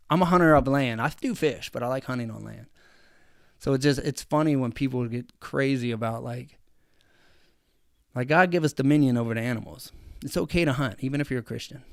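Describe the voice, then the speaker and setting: A man's voice: medium pitch, creaky, dry recording, clean studio sound. A man hosting a casual livestream, rambling enthusiastically with lots of fillers. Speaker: livestream host answering viewer questions.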